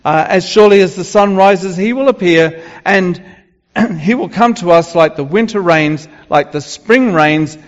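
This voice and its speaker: A man's voice: high voice, measured pace, in a large hall, muffled recording. An older man preaching a sermon in a loose, conversational way, full of fillers and restarts.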